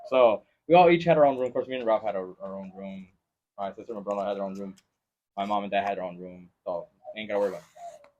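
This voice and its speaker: A man hosting a podcast in casual chat, mixing English and as he tells animated stories. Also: lowish voice, fast talker. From Mexico-Texas border region. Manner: switches between English and Spanish, animated storytelling. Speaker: podcast host. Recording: lo-fi podcast recording.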